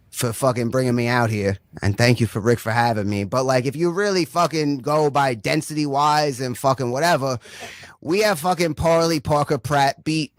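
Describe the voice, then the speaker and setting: A man's voice: medium pitch, no echo, studio quality. Rambling foul-mouthed comedian, man. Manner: rambling, swears constantly, says "right?" often. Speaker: stand-up comedian. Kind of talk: profane stand-up set.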